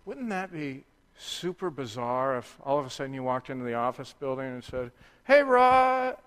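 A man preaching a sermon, sometimes dropping to a soft, hushed voice. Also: mid-range voice, fairly quick, big-room sound. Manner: drops to a soft, hushed voice for quiet reflection. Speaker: pastor.

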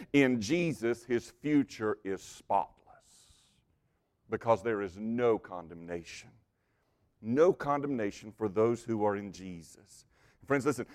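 Guy preaching a sermon, kinda high-ish voice, big loud lines then drops real quiet. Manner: emphatic preaching, swings from loud declarations to soft asides.

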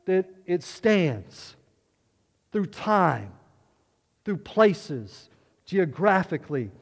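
A man's voice: high voice, very animated, extremely slow, gravelly, big-room sound. A male pastor preaching a sermon, emphatic, repeating key words and asking the listeners rhetorical questions.

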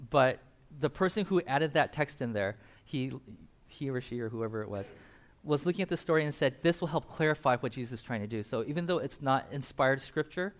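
A man preaching a casual sermon, retelling a Bible story with animated asides and quick voiced bits for the characters. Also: mid-range voice. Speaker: pastor.

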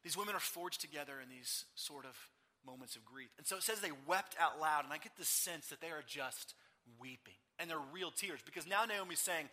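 A man's voice: a little high, a little fast. A man preaching a sermon, telling the story with feeling and acting out the people in it. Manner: animated storytelling, voicing the people in the text. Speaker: pastor. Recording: long hall reverb.

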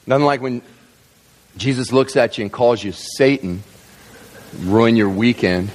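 A man preaching a sermon as a pastor, telling the story in an animated, jokey way. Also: medium pitch, unhurried, pauses often, long reverb tail.

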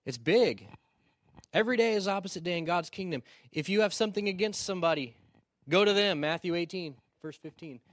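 A male pastor preaching a sermon, telling stories in a conversational way with quick asides and restarts. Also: sits high, animated, no echo, studio quality. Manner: storytelling, conversational with quick asides and repeated starts.

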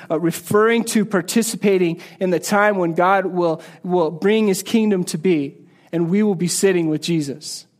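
A man preaching a sermon in a casual, conversational way, often repeating and restarting words as he explains a Bible passage. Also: high-pitched. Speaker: pastor.

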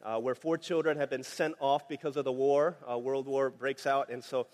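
A man preaching a sermon in a relaxed, conversational way, telling a family story with many fillers. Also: mid-range voice, normal speed. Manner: conversational, anecdotal, frequent fillers. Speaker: pastor. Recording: long hall reverb.

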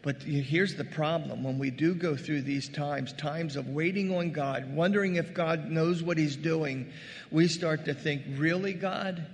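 A male pastor delivering a conversational, animated sermon, calling his congregation "gang" and acting out scripture scenes. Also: fairly high pitch, measured pace, big-room sound. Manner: addresses the congregation as "gang" and "guys".

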